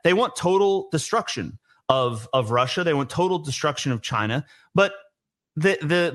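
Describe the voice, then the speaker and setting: A man talking in a casual podcast discussion. He rambles in an animated way, with big swings in pitch. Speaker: podcast speaker.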